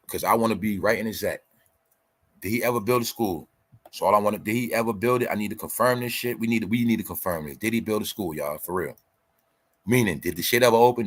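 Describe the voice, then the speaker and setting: A male host with a lowish voice gives a heated commentary rant. He swears freely and argues hard, lecturing his audience. He hammers the same points over and over. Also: a bit bright, husky. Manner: profane, combative, lecturing; repeats points for emphasis.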